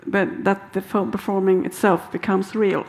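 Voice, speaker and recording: Halting woman with a gravelly voice. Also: medium pitch, fairly even intonation, a little mellow. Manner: halting, many fillers and restarts. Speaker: panel participant. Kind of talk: hesitant conversational remarks.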